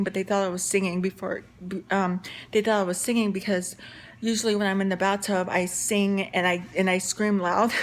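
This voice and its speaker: A young woman tells a story to her viewers in a chatty, rambling way, full of fillers and restarts. Her voice sits at a middle pitch, with a faint hiss behind it. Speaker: vlogger. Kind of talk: casual story time.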